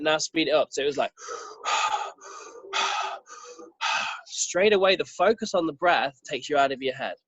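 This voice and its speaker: A man at a middling pitch tells a personal story with earnest, lively energy, slipping into the voices of the people he quotes. The sound is dry and close, a little dull in the highs, like plain podcast audio. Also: no room sound. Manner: earnest, animated retelling with quoted dialogue. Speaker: podcast guest.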